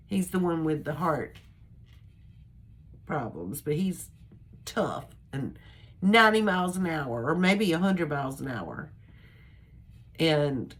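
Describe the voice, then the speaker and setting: An older woman chatting casually to her camera, rambling in a chatty, homespun way. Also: low voice. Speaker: vlogger. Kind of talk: casual personal chat to camera.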